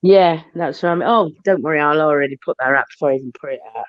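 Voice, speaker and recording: A woman's voice: deep voice, quick pace, no echo. A woman, congested with a cold, rambling in casual livestream chat. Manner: rambling, chatty, peppered with "you know what I mean". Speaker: panel guest. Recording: dull, lo-fi, dry online call audio.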